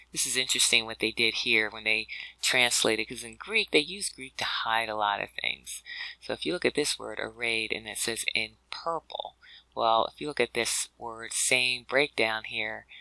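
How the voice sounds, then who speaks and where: In an explanatory video lesson, a man with a mid-range, sharp-toned voice and vocal fry teaches a scripture word study conversationally, using fillers and restarts and calling listeners brothers and sisters. The recording is low quality with no echo.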